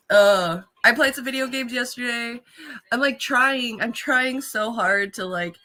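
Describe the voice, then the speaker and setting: Woman, live-stream chat, bright tone, frequent laughter, heavy swearing, rambling casual talk. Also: on the high side, slow, pauses often. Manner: laughs a lot, swears freely, chatty.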